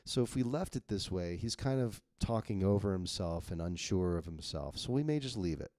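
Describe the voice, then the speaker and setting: A man's voice: deep voice, animated, normal speed, a little mellow, no room sound, clean studio sound. A man editing his own novel on screen, thinking aloud bluntly and reading his draft lines to test them. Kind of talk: casual screen-recorded editing walkthrough.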